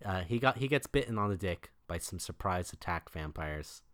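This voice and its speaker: Laid-back male co-host recapping a movie, lively pitch, bright tone, dry mic. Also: normal speed, no echo. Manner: laid-back, recaps plot with filler words. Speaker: podcast co-host. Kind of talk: casual movie recap chat.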